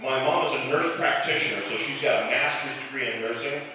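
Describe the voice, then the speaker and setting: A stand-up comedian in his forties from the Chicago area with a slightly softened Chicago accent, telling self-deprecating stories in a dry way with filler pauses. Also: mid-range voice, distant mic, a little hiss or hum. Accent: Chicago, mostly softened. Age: 40s. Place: live comedy club stage. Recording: echoey club hall, mic heard from afar.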